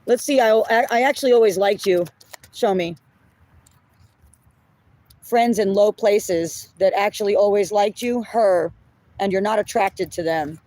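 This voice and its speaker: A woman's voice: medium pitch, unhurried, pauses often, dark tone. A woman giving a collective tarot reading in casual talk, blunt and often apologizing, swearing when she gets upset. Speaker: tarot reader.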